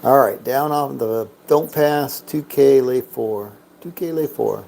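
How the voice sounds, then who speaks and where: A man talks his way through a craps game in easy, joking commentary, tallying chips and bets aloud. His delivery is slow and unhurried, and his tone is mellow. A faint hiss of noise sits under the voice. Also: medium pitch, creaky. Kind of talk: casual gameplay commentary.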